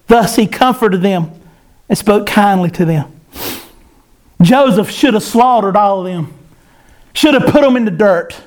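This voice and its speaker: A man's voice: high-pitched, lively intonation, a little slow, long pauses, darkish tone. A man preaching a sermon, in an impassioned cadence that rises and falls.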